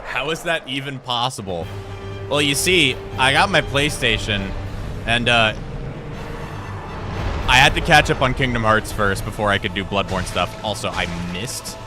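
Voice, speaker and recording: A man's voice: mid-range voice, unhurried, over music. Joking young man streaming a game. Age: young adult. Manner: joking, self-deprecating banter with chat; explains boss tactics step by step. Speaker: gaming livestreamer. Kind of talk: casual live-stream chat while playing.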